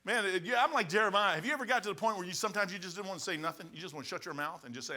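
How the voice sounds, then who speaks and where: A male pastor preaching a sermon in church, telling stories in an animated, colloquial way. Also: sits high, racing, hardly any pauses. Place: church, behind the pulpit.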